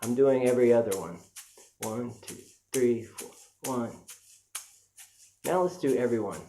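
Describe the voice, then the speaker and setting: Chatty male percussion teacher, mellow tone, easygoing lesson delivery. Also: medium pitch, measured pace, slight background noise. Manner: relaxed, chatty, with fillers. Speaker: music teacher. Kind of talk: casual instructional talk.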